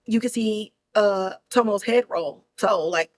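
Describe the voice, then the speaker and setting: A woman's voice: medium pitch, measured pace, natural voice. A woman voicing a scheming, threatening male ruler in a casual, slangy retelling. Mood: smug.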